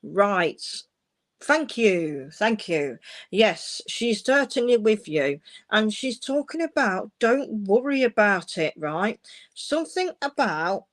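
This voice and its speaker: A woman's voice: mid-range voice, sing-song, slow. A woman hosting a live-streamed mediumship session, speaking reassuringly to callers and calling them darling and my love. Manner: warm, reassuring, uses endearments like darling and my love. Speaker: medium giving live readings. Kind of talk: live-streamed psychic reading.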